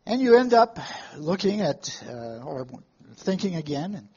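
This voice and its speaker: A man preaching a sermon to a live congregation, telling stories in a folksy way with halting restarts and questions to the room. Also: sits high, big pitch swings, a little mellow, breathy edge, muffled recording.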